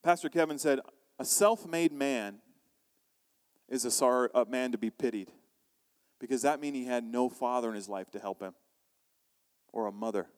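A man preaching a sermon as pastor, animated, acting out quoted voices and asking the congregation questions. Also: mid-range voice, moderate pace, long pauses, clean tone, long reverb tail.

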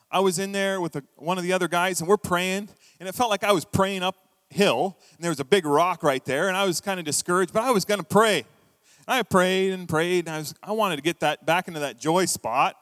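A middle-aged man preaching in a church, his voice a little higher than most men's. He tells stories with animated, acted-out quotes. The mic is close and dry, with a long hall reverb behind it. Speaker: pastor. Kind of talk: sermon.

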